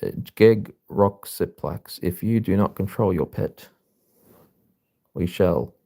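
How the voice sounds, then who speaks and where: Stern future officer guy, deep gravelly voice, slow formal delivery, a man reading him out. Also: dark tone, heavily acted. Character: stern male future-human officer enforcing the law.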